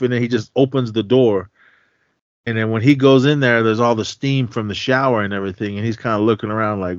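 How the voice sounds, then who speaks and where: A man's voice: fairly low pitch, a little fast, dry recording, highs cut off. A man hosting a podcast, casually retelling a movie's plot in a rambling style full of fillers. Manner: rambling, filler-heavy storytelling. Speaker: podcast host.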